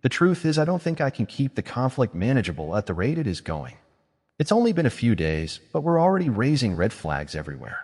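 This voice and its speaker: A man voicing a calm, scheming male mage who reasons in a measured way. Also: mid-range voice, in a large hall.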